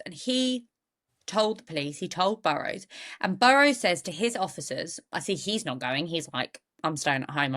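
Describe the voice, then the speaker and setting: A woman tells a true-crime story in a relaxed, chatty way. Her voice sits at an ordinary middle pitch, and she often breaks off into wry jokes about the case. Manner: chatty, goes off on jokey asides. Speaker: podcast co-host.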